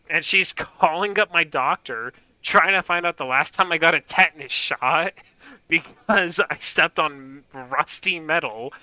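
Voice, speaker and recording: A man with a very bright, clear voice, pitched a bit high, rambles through a story while gaming and keeps breaking into chuckles. The dry sound is a little dull and lo-fi. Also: no room sound. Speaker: gaming streamer. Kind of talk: casual anecdote while gaming.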